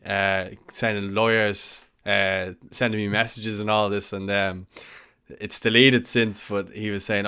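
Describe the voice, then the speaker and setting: A man's voice: on the low side, little pitch movement, unhurried, sharp tone, smooth. A man in casual podcast chat, telling gossipy stories and chuckling along.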